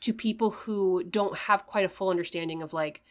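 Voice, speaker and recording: A woman's voice: mid-range voice, moderate pace. A woman co-hosting a podcast in casual chat, talking loosely with lots of "like" and "you know". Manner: chatty, hedging with "like" and "you know". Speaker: podcast co-host.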